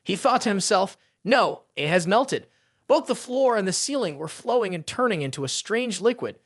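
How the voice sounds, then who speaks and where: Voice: mid-range voice, lively intonation, brisk, no echo, clean studio sound. A narrator telling a fantasy story recap in scripted, dramatic storytelling.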